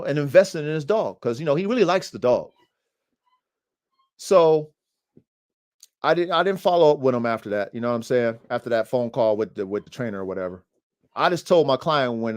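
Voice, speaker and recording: Animated slangy man, higher voice. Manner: animated, slangy, addresses listeners as family and bro. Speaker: podcast host and dog trainer. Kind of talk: casual podcast monologue.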